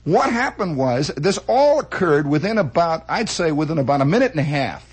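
Man, comic storyteller, husky voice, high and lively pitch, acts out sound effects. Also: a little fast.

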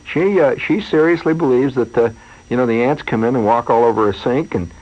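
A radio host rambles through a wry comic monologue full of asides and digressions, speaking briskly in a mid-range voice. The recording has the dull, lo-fi sound of a radio broadcast.

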